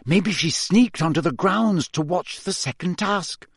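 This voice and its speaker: A man putting on a brisk teenage schoolgirl witch. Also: high-pitched, husky, no echo, studio quality, voice pushed up. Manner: brisk, sharp and quick to snap.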